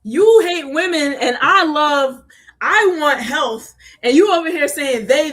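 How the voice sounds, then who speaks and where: A woman co-hosting a livestream talk show pushes back combatively in a heated argument. She speaks slowly with a bright, fairly high voice. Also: expressive. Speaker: co-host.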